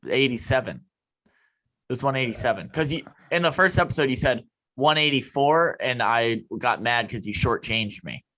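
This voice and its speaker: A man's voice: medium pitch, expressive, moderate pace, bright, forceful tone, poor audio. A man co-hosting a podcast, making wry remarks and laughing in casual chat. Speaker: podcast co-host.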